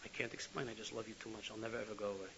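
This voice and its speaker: A man's voice: little pitch movement, a little fast, close to an everyday voice. A man voicing a bold, devoted Hasid who pleads with his rebbe, on a lo-fi recording with faint hiss. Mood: tearful. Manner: impassioned pleading, climbing higher and louder.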